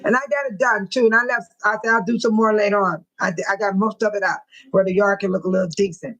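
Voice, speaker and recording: An older woman hosting a casual livestream from home, talking straight to her viewers in chat, emotional and quick to bless and pray. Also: mid-range voice, fairly even intonation, a bit bright, poor audio. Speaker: livestream host.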